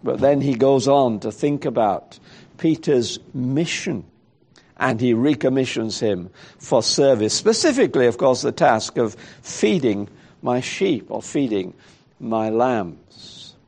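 A man's voice: mid-range voice, lively intonation, takes it slowly, gravelly, a little mellow. A man preaching a sermon in a reflective way, thinking aloud and asking rhetorical questions.

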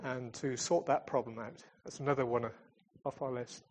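A husky man with a medium pitch, steady tone and normal speed speaks for a charity in churches. The talk is informal and chatty, ending in a prayer, and his stories are full of hesitations and restarts from a man who calls himself a fun-loving comedian type.

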